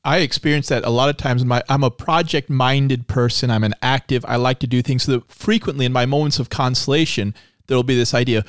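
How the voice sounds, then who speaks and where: A man hosting a relaxed conversation about prayer, earnest and a bit self-mocking. His voice sits in a middle register. The sound is dry and close, with no room around it. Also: medium pitch, brisk, smooth, no room sound. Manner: earnest, self-deprecating, animated when quoting himself. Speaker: podcast host. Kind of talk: casual faith discussion.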